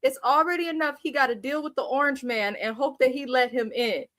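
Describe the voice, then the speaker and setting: A woman in her thirties from Kenya hosts a live TV recap and tells the story in a lively, laughing, blunt way that is often profane. Her voice sits high. The recording is close and dry, with no room sound. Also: fairly quick, no echo. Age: 30s. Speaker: show recap host.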